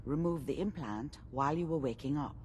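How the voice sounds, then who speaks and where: A woman voicing a calm game scientist. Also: low-pitched, fairly quick, a little hiss or hum, natural voice.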